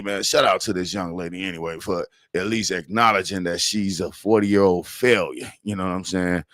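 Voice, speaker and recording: A man with a Chicago accent talks through the news in a loose, profane, rambling way, leaning on filler words. His voice sits fairly low, and the recording is dry and close with no room sound. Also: pushed and bright, dry recording. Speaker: podcast host. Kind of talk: casual news commentary.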